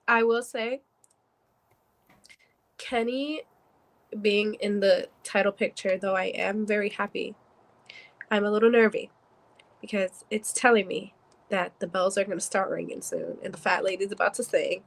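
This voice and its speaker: A woman's voice: mid-range voice, low-quality recording. A woman co-hosting a casual wrestling review podcast from her iPad, chatty and full of fillers. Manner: chatty, lots of fillers, laughs easily. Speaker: podcast co-host. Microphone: iPad on a video call.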